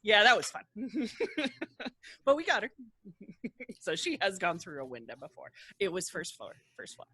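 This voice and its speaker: Lively, breathy woman telling a giggly story. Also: medium pitch, moderate pace, no echo. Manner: giggly storyteller, swears casually. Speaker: podcast host. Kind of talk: casual chat.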